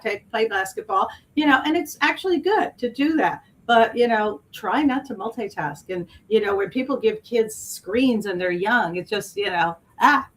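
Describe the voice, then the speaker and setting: A middle-aged woman, a guest on an interview, telling stories in an animated way and acting out the dialogue. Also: mid-range voice, low-quality recording. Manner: animated storyteller who acts out dialogue and laughs often. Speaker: guest, speaker and improv actor. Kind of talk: casual interview storytelling.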